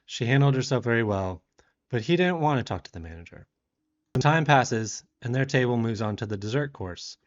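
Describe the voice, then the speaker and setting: A man from the South, telling a lively story as a woodworking vlogger and shouting out the quoted lines. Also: mid-range voice, brisk, highs cut off. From Southern United States. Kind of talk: storytelling voice-over.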